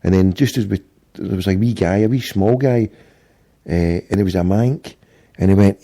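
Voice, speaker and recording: Gravelly, dark-voiced Scottish man telling a story. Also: low-pitched, moderate pace. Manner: swearing, rambling anecdote with acted-out quotes. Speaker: podcast host. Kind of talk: casual storytelling chat.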